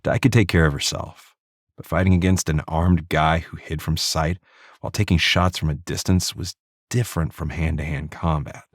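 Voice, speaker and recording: A man reading a crime novel audiobook in steady, even scripted narration into a close studio mic. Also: very deep voice, normal speed, no room sound.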